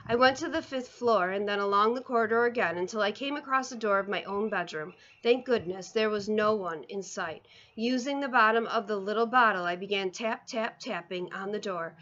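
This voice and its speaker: A woman reading a children's book aloud, expressive, with small slips and restarts. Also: mid-range voice, normal speed, few pauses, highs cut off. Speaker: reader. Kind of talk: storybook read-aloud.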